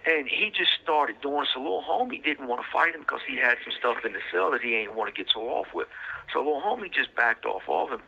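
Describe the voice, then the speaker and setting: A man's voice: mid-range voice, lively intonation, brisk, vocal fry, bright, forceful tone, slight background noise. A man telling a rambling story with lots of fillers and street slang, recorded over a prison phone line. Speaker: podcast host telling his own story.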